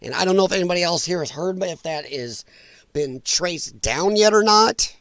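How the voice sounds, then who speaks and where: Speaking at normal speed in a high-pitched, fairly bright voice with no echo, a man hosts a casual political livestream. Blunt and exasperated, he coughs repeatedly from an irritated throat and apologizes often.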